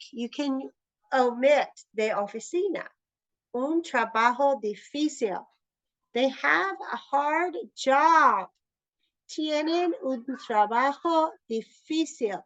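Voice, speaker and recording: A woman teaching a Spanish grammar lesson, slow and patient, repeating each phrase. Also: high-pitched, fairly bright tone, dry recording, low-quality recording.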